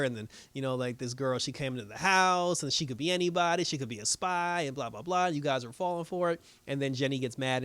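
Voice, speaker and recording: A man's voice: a little high, fairly bright tone, no echo. A man casually recapping a TV episode, chatty and loose, acting out the characters' lines as he goes. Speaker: show reviewer.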